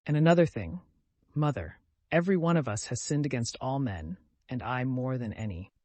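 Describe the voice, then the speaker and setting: A man voicing a gentle, feverish dying young man who talks tenderly and with rapture, in an audiobook. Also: medium pitch, animated, normal speed, no echo, lightly acted. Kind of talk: audiobook character voice.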